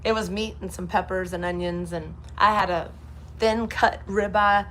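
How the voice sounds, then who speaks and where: A woman's voice: medium pitch, steady tone, normal speed, a bit bright, slight background noise. A woman from Texas with a light Kentucky twang, hosting a casual live chat and telling a story, acting out other people's lines. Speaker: host.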